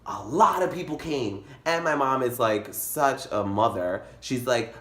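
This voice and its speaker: A young man telling a comic story in a vlog, animated and dramatic, jumping into high squeals. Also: a little slow, few pauses. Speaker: vlogger. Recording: echoey room.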